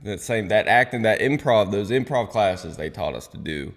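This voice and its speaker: Deep-voiced young man, crude and animated. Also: normal speed. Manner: animated, crude joking storyteller. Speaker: guest content creator. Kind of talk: casual podcast chat.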